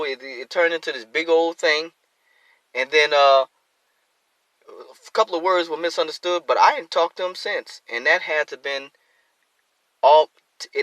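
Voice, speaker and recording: A man teaching scripture on a live stream, reading verses then explaining them in plain, animated talk with features, acting out the excuses people make. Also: a little high, no room sound, low-quality recording. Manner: repeats and restarts phrases. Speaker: teacher of a religious group.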